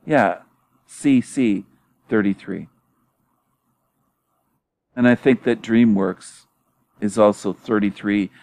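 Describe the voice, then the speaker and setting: Low-voiced man mocking with laughter. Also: slow pace, long pauses, a little mellow, no room sound. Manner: mocking, laughs often, swears, emphatic. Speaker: YouTube channel host. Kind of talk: casual monologue.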